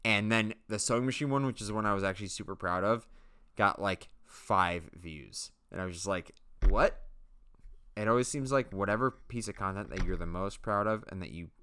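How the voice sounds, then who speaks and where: A man's voice: on the low side, a little fast, bright, forceful tone, clear, resonant tone. A man casually narrating his own leatherworking footage, rambling and joking at his own expense. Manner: rambling, self-mocking, jokey asides. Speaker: leatherworking channel host.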